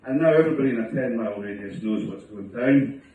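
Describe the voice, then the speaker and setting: Speaking quickly in a mellow voice, this middle-aged comedian pokes fun at himself on stage with wry humor, sometimes switching to a higher pitch to imitate his wife. It was captured from a distance on a phone in a room full of echo, with laughter from the crowd behind him.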